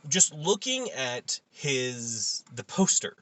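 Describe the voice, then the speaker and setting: A man's voice: medium pitch, sing-song, takes it slowly, fairly bright tone, no room sound. A man co-hosting a casual pop-culture chat, opinionated and cynical in his takes. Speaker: podcast co-host.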